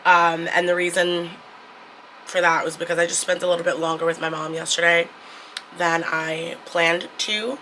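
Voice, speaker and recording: A woman's voice: on the low side, flat delivery, moderate pace, bright, forceful tone, slight background noise. A young woman vlogging casually into her phone camera, chatty and blunt, swearing freely. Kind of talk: casual vlog talk to camera.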